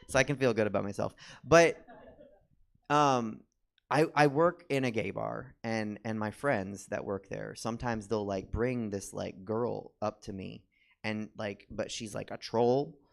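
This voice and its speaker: A man's voice: lowish voice, unhurried, creaky. Rambling young man doing stand-up. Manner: rambling, filler-heavy with constant "like". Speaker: stand-up comedian and drag performer. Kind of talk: stand-up comedy set. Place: comedy theater stage.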